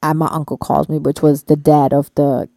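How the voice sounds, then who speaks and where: A woman's voice: deep voice, little pitch movement, moderate pace, warm tone, dry recording. A woman telling a personal story in casual conversation, rambling with many fillers and free swearing. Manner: slangy, hesitant.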